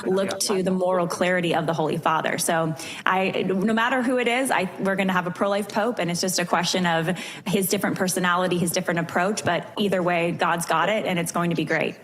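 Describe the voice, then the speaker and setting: Low-voiced earnest woman guest. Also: a little fast. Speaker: panel guest. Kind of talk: live panel commentary.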